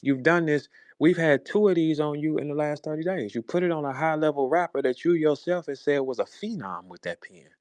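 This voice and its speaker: Man in his forties, from St. Louis, profane mocking rant, lively swooping voice, dry sound. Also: a little high, fairly quick, few pauses, dry recording. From St. Louis, USA. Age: 40s. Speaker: battle rap personality, host. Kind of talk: heated monologue.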